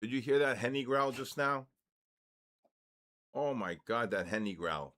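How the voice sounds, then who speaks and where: An older man hosting a live trading stream, excitably calling out moves and muttering at the charts. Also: mid-range voice, a little slow, long pauses. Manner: excitable, exclaims and mutters at the markets. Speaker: trading livestream host. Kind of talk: casual live trading commentary.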